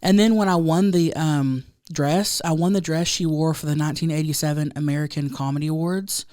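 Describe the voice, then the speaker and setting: A loud woman in her thirties with a slightly low voice, telling a story in casual podcast chat. She drops into quick impressions of the people she quotes. The sound is dry and close, with no room around it. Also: fairly even intonation, no echo. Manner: storytelling, quoting others in put-on voices. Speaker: podcast co-host.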